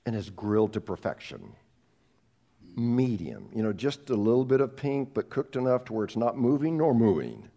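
A middle-aged male pastor preaching a sermon, telling a story with animated delivery and frequent restarts. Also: medium pitch, moderate pace.

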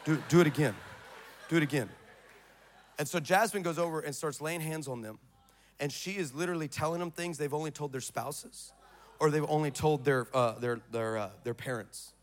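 A middle-aged male pastor preaching a sermon in a church, telling a story dramatically and swinging from shouts to hushed tones. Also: fairly high pitch, fairly quick, a little hiss or hum.

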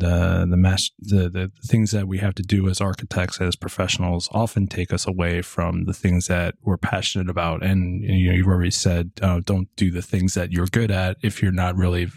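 A man's voice: deep voice, darkish tone, no room sound, studio quality. A man from New Jersey co-hosting a podcast, asking long rambling questions in a casual conversational way. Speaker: podcast co-host. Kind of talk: conversational interview.

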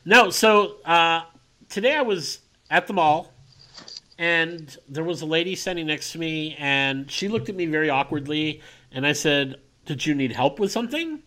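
A man co-hosting a casual podcast, telling a story in an animated way. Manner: animated storytelling, quick pitch jumps. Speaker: podcast co-host.

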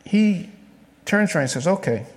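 Guy preaching, chatty and animated, asks the crowd stuff, lots of hall echo. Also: high voice, moderate pace. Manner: conversational, animated, asks the listeners questions. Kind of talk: sermon. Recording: long reverb of a large hall.

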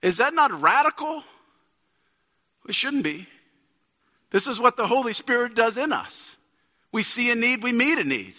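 High-voiced, bright-toned preaching man in a hall. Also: sing-song, normal speed, pauses often. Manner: conversational preaching, rising to emphatic peaks. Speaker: pastor. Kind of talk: sermon. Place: church sanctuary. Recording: long church hall reverb.

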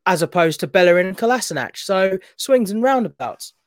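A man's voice: high voice, lively intonation, fairly quick, dry recording, clean studio sound. A man giving opinions on a football podcast call, often repeating words as he talks. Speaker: podcast panelist. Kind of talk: casual football chat.

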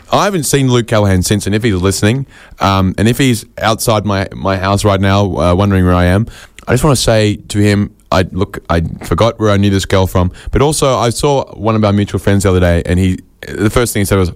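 A man delivering a rambling comic monologue full of quick asides and self-mocking jokes. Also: fairly low pitch, dry recording, clean studio sound. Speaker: comedian host.

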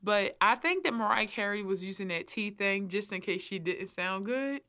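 Young woman co-host, bright clear tone, candid gossipy chat, swears freely. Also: medium pitch, lively intonation, moderate pace. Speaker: podcast co-host. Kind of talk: casual chat.

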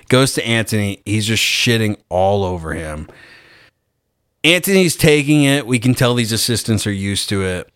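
A man with a lowish voice talks through a film in loose, casual chat. He is animated and swears freely. The recording is dry and close, with no room sound. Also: moderate pace, clean tone, no echo. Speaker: podcast co-host.

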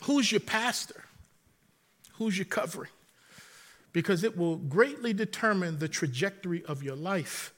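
A middle-aged man, preaching a sermon as pastor, animated and storytelling with humor. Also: sits high, unhurried, pauses often.

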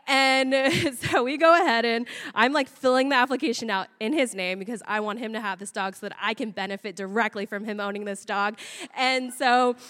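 A young woman telling a funny personal story in an animated way, laughing often and swearing casually. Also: fairly high pitch, fairly quick. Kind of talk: comic storytelling. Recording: long hall reverb.

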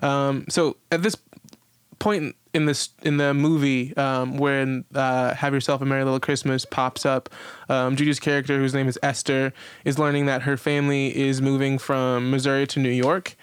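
A man's voice: mid-range voice, flat delivery, moderate pace, clear, resonant tone, dry recording. A man co-hosting a podcast, telling a story in a rambling, casual way with lots of fillers and the odd curse word. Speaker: podcast co-host. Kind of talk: casual chat. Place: podcast recording setup.

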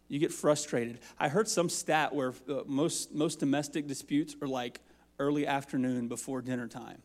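A man's voice: mid-range voice, fairly even intonation, normal speed, a little mellow. A man preaching a sermon as pastor, with passionate rising and falling intensity. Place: church sanctuary. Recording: long hall reverb.

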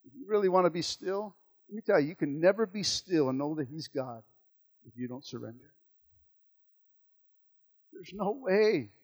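High-voiced man preaching with passion. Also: lively intonation, normal speed, long pauses, rough recording. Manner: impassioned preaching, swings from quiet to loud; repeats words and restarts phrases. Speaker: pastor. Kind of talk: sermon.

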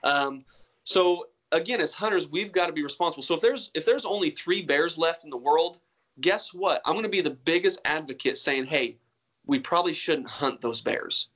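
A man's voice: fairly high pitch, moderate pace, fairly bright tone, muffled recording. A man being interviewed about hunting, talking in an earnest, rambling way with many restarts. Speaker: hunter guest. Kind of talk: casual interview talk.

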